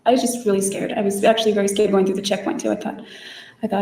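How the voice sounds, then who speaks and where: A woman gives courtroom testimony in a slow, hesitant, subdued manner. Her voice is flat and mellow. It is picked up from a distance, with roomy echo and faint room noise behind it. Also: medium pitch. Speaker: trial defendant testifying. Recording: roomy courtroom audio from far off.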